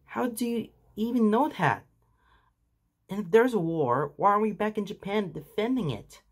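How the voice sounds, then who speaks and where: A man voicing an anxious, earnest teenage boy hero in a fan fiction reading, raising his voice high and strained. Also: animated, normal speed, breathy edge, heavily acted. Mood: panicked.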